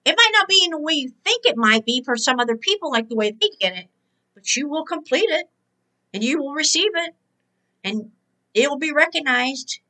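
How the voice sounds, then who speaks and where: A woman's voice: high voice, expressive, moderate pace, sharp tone, rough recording. A woman hosting a spiritual motivational talk, emphatic and exhorting, repeating her key words. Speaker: host and motivational speaker.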